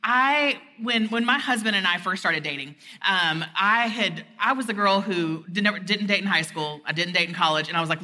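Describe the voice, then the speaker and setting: A woman preaches at a conference in a large hall, her bright voice ringing with a long reverb. She talks in a chatty, storytelling way and acts out the lines she quotes. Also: mid-range voice, brisk, few pauses. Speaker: conference speaker. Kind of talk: sermon with personal story.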